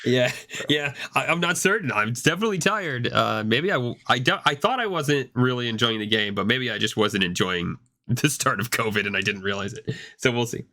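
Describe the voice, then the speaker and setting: Man, casual podcast chat, rambling, coughing now and then, average pitch. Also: expressive, fairly quick, sharp tone. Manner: rambling, many restarts and fillers. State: hoarse with a cough. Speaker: podcast co-host.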